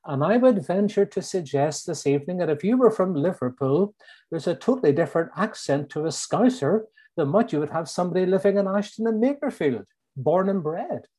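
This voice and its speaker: A middle-aged man from Northern Ireland with a Northern Irish accent, preaching a sermon and slowly repeating his key lines for emphasis. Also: high voice, expressive, dark tone.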